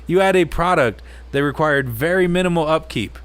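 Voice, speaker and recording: A man co-hosting a casual podcast, ranting in an animated way and swearing a lot. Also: fairly high pitch, moderate pace, clear, resonant tone, dry recording. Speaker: podcast co-host.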